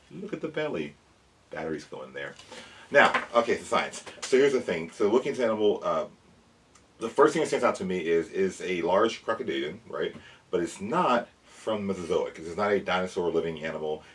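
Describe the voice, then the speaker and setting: Deep-voiced man chatting to kids. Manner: chatty, rambling, self-correcting; addresses kids. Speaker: toy review host. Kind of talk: casual toy unboxing and science explainer. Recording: voice a bit far from the mic, faint background noise.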